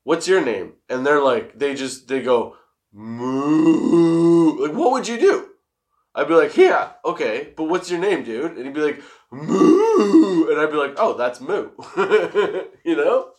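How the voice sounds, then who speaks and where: Giggly, laid-back young man. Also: mid-range voice. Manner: giggly, rambling, laid-back, swears freely. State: high. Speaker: host. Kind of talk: casual stoner chat.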